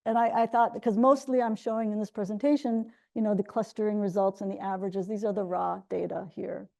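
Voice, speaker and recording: A woman's voice: mid-range voice, steady tone, a little fast, vocal fry, darkish tone. A middle-aged woman giving an academic linguistics talk, explaining step by step with frequent restarts. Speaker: linguistics lecturer.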